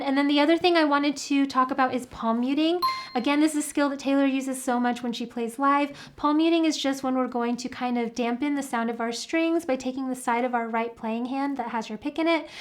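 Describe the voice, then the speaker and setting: High-voiced woman teaching guitar. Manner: patient, explains step by step with fillers. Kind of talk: guitar tutorial with playing and singing. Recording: guitar playing heard under the voice.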